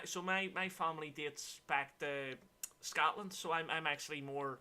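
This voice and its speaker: A Northern Irish man hosts a gaming livestream in casual, chatty talk. His voice sits a bit high and sounds bright and forceful. He greets viewers in a lively way while he plays. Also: moderate pace. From Northern Ireland. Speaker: streamer host.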